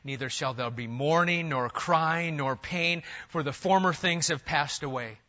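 A man's voice: a little high, a little slow, bright, forceful tone. A man preaching a sermon as pastor, building his points in emphatic rising lists. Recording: dull lo-fi sound.

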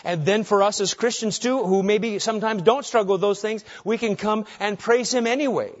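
A man's voice: high-pitched, normal speed. A man preaching a sermon as pastor, earnest and driving his point home with short repeated phrases. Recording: dull lo-fi recording.

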